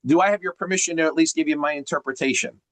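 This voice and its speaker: Man, coach, emphatic, teacherly, slightly high voice, dry close sound. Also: very fast, fairly bright tone, no room sound. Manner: emphatic, teacherly, uses rhetorical questions. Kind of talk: coaching on a group call.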